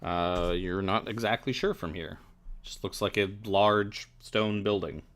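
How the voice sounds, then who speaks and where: A man with a low voice runs a tabletop game as game master. He describes scenes casually, pausing with fillers as he goes. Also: fairly even intonation, fairly bright tone.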